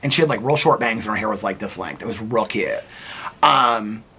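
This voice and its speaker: Male vlogger, husky and bright, rambling chatty storyteller, camera on a table at home. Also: on the low side, fairly quick. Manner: rambling, heavy use of filler words. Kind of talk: casual storytelling vlog. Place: seated in a chair at home.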